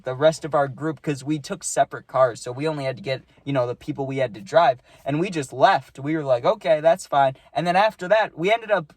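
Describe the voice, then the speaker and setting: A man's voice: on the high side, dry recording. Rambling young man telling a story. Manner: animated, rambling, with many likes and rights. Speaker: storytime vlogger. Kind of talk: casual storytelling.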